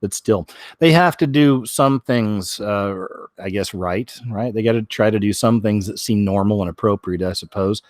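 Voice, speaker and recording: A man hosting a show, reading news stories aloud, stumbling over words, clearing his throat and adding wry comments of his own. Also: lowish voice, moderate pace, no room sound, clean studio sound. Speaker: host.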